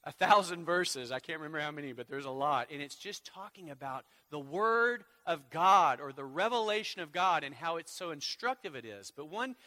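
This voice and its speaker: A man preaching a sermon as pastor, swinging from hushed, slow lines to loud, emphatic ones. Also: on the high side.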